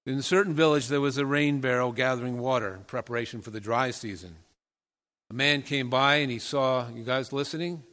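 Pastor preaching in an echoing hall. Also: male voice, mid-range voice, fairly even intonation, fairly quick, fairly bright tone. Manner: conversational, talks directly to the congregation with questions. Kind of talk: sermon. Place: church sanctuary. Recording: long reverb of a large hall.

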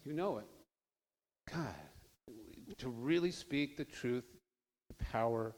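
Man, mid-pitched, earnest conversational speaker to a live audience, long hall reverb. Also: slow, a little mellow. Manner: earnest, conversational, rising to emphatic. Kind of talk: informal public talk.

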